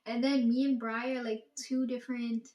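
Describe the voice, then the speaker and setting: A woman's voice: a little high, flat delivery, moderate pace, a little mellow. A woman in a casual, profane monologue, ranting and quoting herself and her family. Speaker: vlogger. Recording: echoey room.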